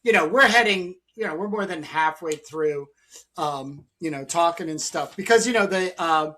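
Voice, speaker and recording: A man's voice: on the high side, moderate pace, pushed and bright. A man hosting a casual interview, talking in a rambling, enthusiastic way with many restarts. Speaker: podcast host.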